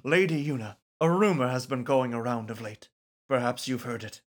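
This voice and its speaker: A man voicing a rambling, forgetful old male lore scholar, reading game dialogue in a measured, softened way. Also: medium pitch, expressive, close to an everyday voice. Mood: musing.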